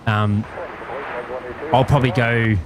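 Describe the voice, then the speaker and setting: A man's voice: mid-range voice, flat delivery, takes it slowly, crowd noise. Easygoing Australian man chatting outdoors. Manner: easygoing, rambling, chuckles often. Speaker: live stream host. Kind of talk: casual live-stream chat. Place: outdoors at a plane-spotting spot by an airport.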